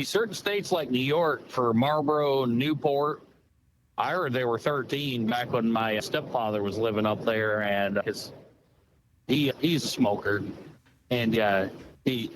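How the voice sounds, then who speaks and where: Man, folksy storyteller, mid pitch, clear background noise. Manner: folksy, animated storyteller, swears casually. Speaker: podcast host. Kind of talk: casual chat.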